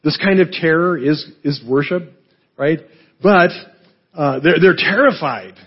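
Husky guy preaching, kinda high voice, keeps saying right?, dull lo-fi sound. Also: a little slow. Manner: explanatory, frequent "right?" and fillers. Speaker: pastor. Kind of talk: sermon teaching.

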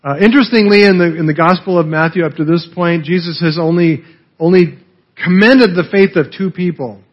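A man's voice: high-pitched, brisk. A man preaching a conversational sermon, often checking in with "right?" and acting out the quoted dialogue. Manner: conversational, keeps asking "right?"; lively, acts out quoted dialogue. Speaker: pastor. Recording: dull lo-fi audio.

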